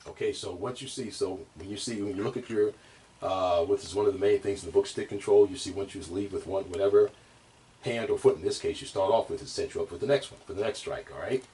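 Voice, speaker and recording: A man teaching bass drum technique in a casual, rambling way, with many fillers and restarts. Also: fast, mellow. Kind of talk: casual instructional talk. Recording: distant mic, drums playing.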